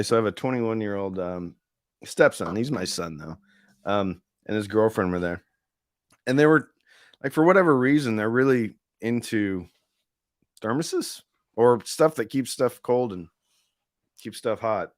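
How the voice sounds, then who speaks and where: A man's voice: lowish voice, lively intonation, unhurried, long pauses, no echo, studio quality. A middle-aged man hosting a casual live stream, chatting in a rambling way and reading viewer comments aloud. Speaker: livestream host reviewing audio deals.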